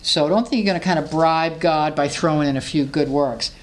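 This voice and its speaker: Woman preaching, earnest, goes way up high when she gets fired up. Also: fairly quick. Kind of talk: sermon.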